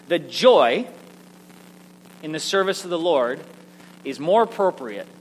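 A man preaching a sermon, telling personal stories in an animated, self-mocking way. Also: a little high. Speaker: pastor. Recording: echoey hall with faint hum.

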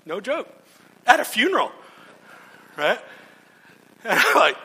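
A man's voice: extremely high pitch, wildly swooping pitch, slow pace, bright, forceful tone, breathy edge. A male pastor preaching a sermon, telling stories earnestly with frequent restarts. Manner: earnest storytelling with repeated restarts. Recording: long hall reverb.

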